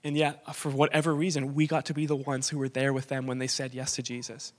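A man's voice: mid-range voice, level tone, fast talker. A man preaching a conversational sermon in an informal, self-questioning way, often restarting his sentences.

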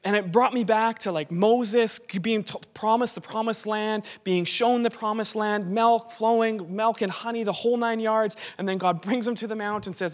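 A man with a fairly high voice preaches in a loose, conversational way. He questions himself aloud and restarts sentences as he works through his thoughts. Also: steady tone, normal speed, few pauses. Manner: informal, self-questioning, frequent restarts. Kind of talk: conversational sermon.

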